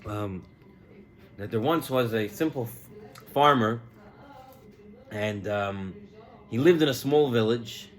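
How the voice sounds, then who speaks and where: A man giving a sermon as a rabbi, telling a story in a lively way and mixing in Hebrew terms. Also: medium pitch, slow pace, pauses often.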